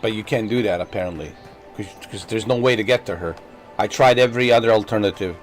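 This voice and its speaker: A man streaming a video game, ranting in frustration, repeating himself, swearing and then apologizing to his viewers. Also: lowish voice. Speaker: gaming streamer. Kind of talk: frustrated live gameplay commentary.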